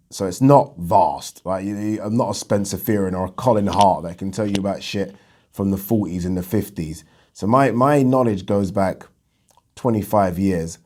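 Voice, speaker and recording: A man hosting a boxing vlog, talking in a chatty, animated way and repeating himself for emphasis. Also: sits low. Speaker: boxing channel host. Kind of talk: casual vlog talk.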